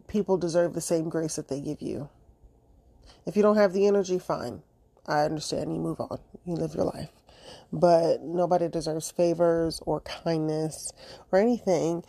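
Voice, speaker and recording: A woman's voice: sits low, dark tone, no room sound. A young adult woman hosting a solo podcast, talking casually, bluntly and emotionally, swearing freely. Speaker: podcast host.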